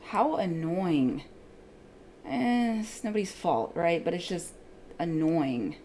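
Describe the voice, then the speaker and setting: A woman's voice: lowish voice, expressive, takes it slowly, warm tone, slight background noise. A woman day trader giving live commentary on her trades, swearing freely and muttering at the chart.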